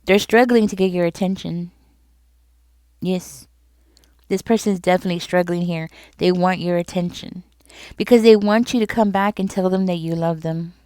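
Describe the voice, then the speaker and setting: A woman talks viewers through a tarot spread in a loose, conversational way, circling back over her points. Her voice sits low and smooth. It is recorded close and dry, with no room sound. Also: dark tone, dry recording. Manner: conversational, repeats herself, speaks directly to viewers. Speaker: tarot reader. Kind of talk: casual tarot reading to camera.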